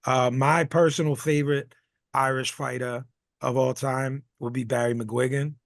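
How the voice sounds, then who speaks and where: A man with a gravelly, creaky edge rambles through casual podcast chat. He stops, restarts and fills gaps with "um" and "you know". The sound is close and dry, with no room around it. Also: medium pitch, level tone, moderate pace, no room sound. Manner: rambling, many restarts and fillers. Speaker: podcast co-host.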